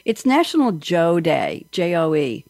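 A woman hosting a lively radio talk show, playful and jokey as she chats with guests. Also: on the low side, unhurried, no room sound, studio quality.

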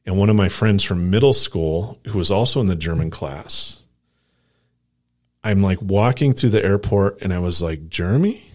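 A low-pitched man in his forties from Colorado shares a story on a casual podcast. He rambles from one detail to the next, filling it with "like" and quick impressions of what people said. His tone is relaxed and chatty. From Colorado, USA. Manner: rambling anecdote with lots of "like" and acted-out quotes. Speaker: podcast co-host.

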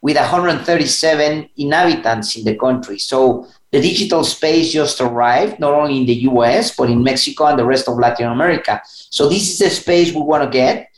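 A man with a somewhat high voice speaks as a guest on a panel, his words coming measured and a little halting. The sound echoes, as if from a bare room. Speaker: guest executive. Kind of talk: casual panel talk.

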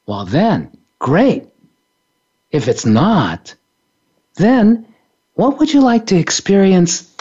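A man's voice: fairly high pitch, a little mellow, lo-fi sound. A man, an author and spiritual teacher, giving a playful, reflective talk on a radio show and laughing often. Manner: playful, laughs often, acts out little scenes.

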